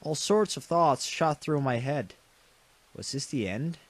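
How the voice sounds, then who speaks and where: A man reading a visual novel aloud with dramatic delivery and quick reactions. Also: on the high side, animated, no room sound. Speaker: game streamer.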